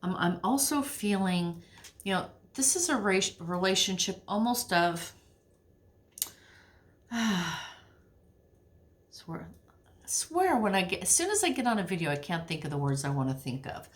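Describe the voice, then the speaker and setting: A woman giving a casual tarot reading to camera in a chatty, animated way. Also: medium pitch, measured pace, long pauses. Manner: chatty, animated, drops to near-whisper while shuffling. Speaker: tarot reader.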